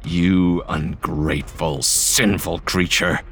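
A man's voice: deep voice, steady tone, slow, gravelly, a bit bright, faint music behind, pitched below the performer's own voice, exaggerated voice. A man doing a growling, contemptuous father. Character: harsh, growling religious father.

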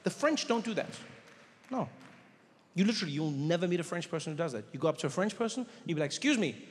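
Animated stand-up comedian, slightly high voice. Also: male voice, quick pace, slight background noise. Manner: animated storytelling, acting out characters. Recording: live hall reverb, faint ambience.

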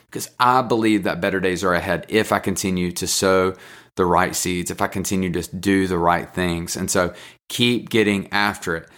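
A man's voice: low voice, steady tone, fairly quick, a bit bright. A man with a North Carolina accent hosting a podcast in casual solo talk, earnest, encouraging and openly emotional. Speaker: podcast host.

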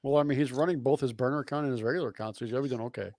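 A man co-hosting a casual sports podcast stream, dropping quiet joking asides. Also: medium pitch, rapid-fire, no echo, studio quality. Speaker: podcast co-host. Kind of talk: casual banter livestream.

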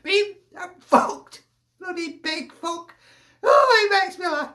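A squeaky, sweary football fan. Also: male voice, slow pace, pushed and bright, exaggerated voice. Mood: mocking. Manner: gleeful, sweary, cackling, full of tag questions. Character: squeaky foul-mouthed northern football fan. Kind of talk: comic character rant.

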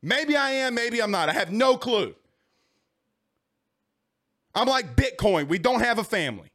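A high-pitched man delivers a heated sports rant straight to his listeners. He repeats himself for emphasis and keeps pushing his point in a casual, talk-show way. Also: sing-song, measured pace, sharp tone. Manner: heated, repetitive, talks straight at the audience. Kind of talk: casual ranting commentary.

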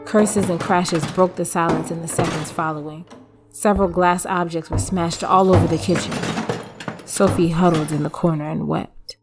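Brief: woman story narrator, lower pitch, measured and even delivery. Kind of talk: scripted narration. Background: faint music.

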